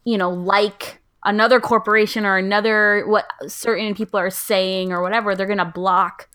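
A woman's voice: medium pitch, fairly even intonation, normal speed, fairly bright tone, clean tone. Candid, self-deprecating woman co-host. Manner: candid, self-deprecating, quotes herself in asides. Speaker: podcast co-host. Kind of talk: casual chat.

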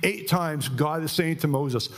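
A middle-aged man preaching a sermon in church, emphatic and animated, often asking the congregation questions. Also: on the high side, a little slow, soft background music.

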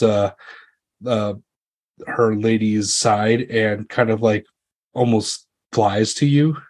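A man's voice: on the low side, darkish tone. A man running a tabletop role-playing game, narrating casually with many fillers. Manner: rambling, full of fillers. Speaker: game master.

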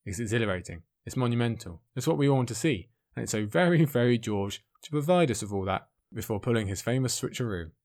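A man giving an excited commentary on a fantasy book, speaking emphatically between the passages he reads out. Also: mid-range voice, fast talker, hardly any pauses. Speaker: book reviewer.

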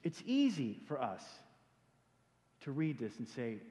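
A male pastor preaching a sermon in a church, animated and joking, often repeating words as he starts sentences. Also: medium pitch, unhurried, long pauses, highs cut off. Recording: echoey hall reverb.

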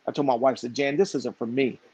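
A middle-aged man telling a story in lively conversation, acting out the voices of the people in it. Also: mid-range voice, fast, husky, no room sound. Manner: animated, acts out quoted voices. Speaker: podcast guest. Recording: dull, dry, lo-fi sound.

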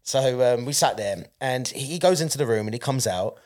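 A man telling funny stories in a casual podcast chat, animated and laughing as he goes. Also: mid-range voice, fairly quick. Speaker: podcast guest comedian.

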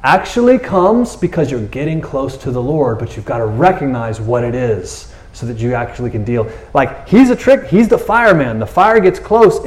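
A male pastor preaching a sermon in a casual, conversational way. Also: medium pitch. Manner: animated, conversational, acts out characters.

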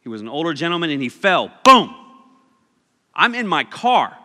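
A man delivers a casual sermon, joking and storytelling with animated energy. His voice sits a bit high and sounds bright and forceful. The recording carries the long reverb of a large hall. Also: quick pace. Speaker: preacher.

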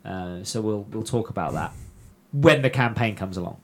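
A man's voice: lowish voice, expressive, normal speed. A man chatting casually on a podcast as the game master, rambling with frequent fillers and restarts.

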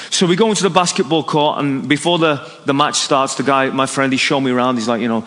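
Brief: male preacher, lively storyteller, slightly higher voice, long hall reverb. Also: brisk. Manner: animated, story-driven, acts out dialogue. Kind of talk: evangelistic sermon with storytelling.

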